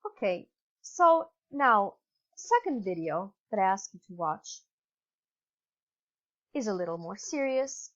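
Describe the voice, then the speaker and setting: A woman with an Italian accent giving a recorded online English lesson, patient and instructive, with fillers and self-corrections. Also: a little high. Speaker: English teacher. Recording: dull lo-fi computer mic.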